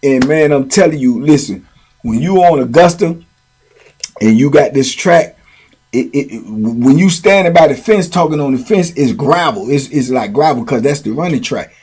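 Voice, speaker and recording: A man telling a story in a casual, animated way, full of slang and repeated phrases. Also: mid-range voice, moderate pace, slightly rough. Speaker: storyteller host.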